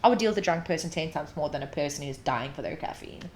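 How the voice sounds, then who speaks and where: A woman guest in a casual interview, telling animated stories, swearing freely and acting out what others said. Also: sits low, quick pace, slight background noise. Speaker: hospitality guest.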